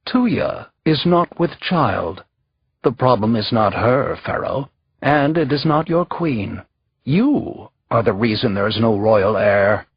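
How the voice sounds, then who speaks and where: A man's voice: mid-range voice, animated, slow pace, breathy edge, no room sound, dull audio, heavily acted. A man voicing a scheming, smirking older royal vizier who speaks in a sly, coaxing way.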